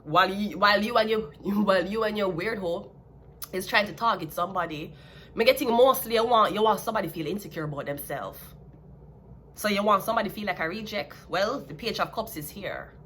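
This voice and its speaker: A Jamaican woman in a casual tarot reading, talking in a blunt, sassy way with an average-pitched voice. A faint hum of ambience sits behind her. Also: fairly quick, fairly bright tone. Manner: blunt, sassy, laughs at her own jabs. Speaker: tarot reader.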